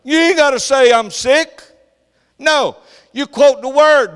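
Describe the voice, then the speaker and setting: Older man, pastor preaching, high voice, loud then whispering, echoing church hall. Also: animated, moderate pace, smooth. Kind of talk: sermon.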